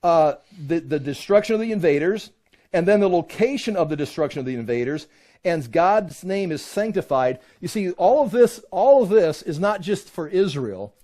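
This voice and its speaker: A middle-aged man teaching a Bible class in an animated way, with sarcastic asides and mock voices. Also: high-pitched, normal speed.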